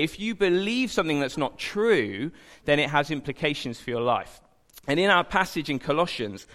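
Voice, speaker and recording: A man's voice: mid-range voice, a bit bright. A young man giving an informal sermon, chatty and self-deprecating, with jokey asides. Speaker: preacher. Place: church hall. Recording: long hall reverb.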